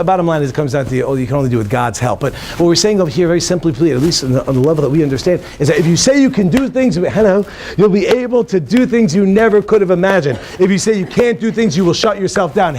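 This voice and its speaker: An animated man with a fairly high voice gives a joking, inspirational talk as a rabbi. He keeps quizzing the audience in a hotel conference room. A faint hum of noise sits under the recording. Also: fast.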